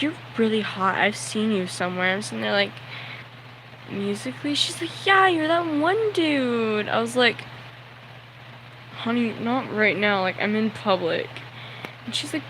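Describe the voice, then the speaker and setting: A young man tells a story on a livestream, nervous and sweaty, rambling with lots of "like" and acting out the people involved. His voice sits high, he talks at a normal speed, and the background is noisy.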